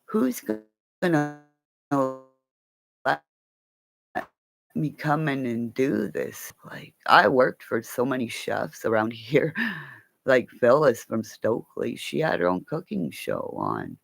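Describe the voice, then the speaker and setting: A woman's voice: very deep voice, sing-song, slow, vocal fry, long pauses, no echo. A woman chatting on a livestream, rambling from one thought to the next, laughing often and swearing now and then. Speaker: livestream host. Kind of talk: casual livestream chat.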